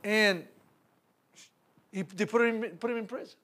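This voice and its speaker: A man's voice: high-pitched, unhurried. A man preaching a sermon, retelling a Bible story with laughter, stumbles and repeated words. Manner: animated storytelling with laughs and repetitions.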